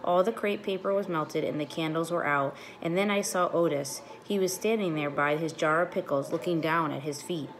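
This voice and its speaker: A woman teacher reading a children's chapter book aloud to her class, clear and expressive. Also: low voice, normal speed, hardly any pauses.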